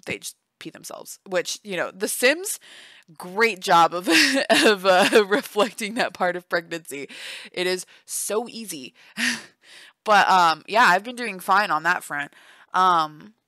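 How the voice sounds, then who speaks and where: A woman's voice: lowish voice, a bit bright, no echo. A tired young woman chatting casually and giggling in a voice-only vlog. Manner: chatty, giggly, self-deprecating. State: tired, yawning. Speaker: vlogger. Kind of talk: casual chat. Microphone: voice-only home recording.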